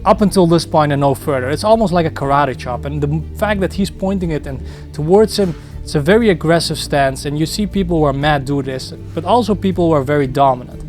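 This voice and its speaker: A man talks through video clips like a coach, explaining each point plainly and repeating the key phrases. His voice is a little higher than most men's. Faint music runs underneath. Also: fairly quick, a little mellow. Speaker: video host, commentator.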